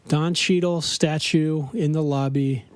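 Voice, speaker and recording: A man's voice: on the high side, steady tone, measured pace, clear, resonant tone, no room sound. A middle-aged man from Denver chatting casually on a podcast, telling rambling stories and laughing often. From Denver, USA. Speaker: podcast host. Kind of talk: casual chat.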